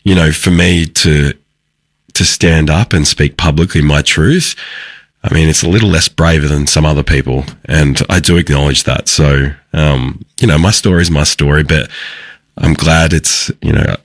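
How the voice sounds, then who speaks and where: A man with an Australian accent, a guest speaking earnestly and reflectively in a casual interview, his voice husky from pollen. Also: very deep voice, fairly even intonation, moderate pace, no room sound, studio quality.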